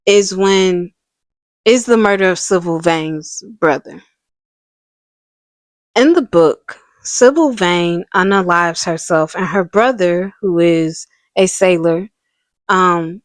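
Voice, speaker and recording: A woman's voice: fairly low pitch, dry recording. A woman giving a casual, analytical video essay on a novel and its film, with frequent "you know" fillers. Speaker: book reviewer.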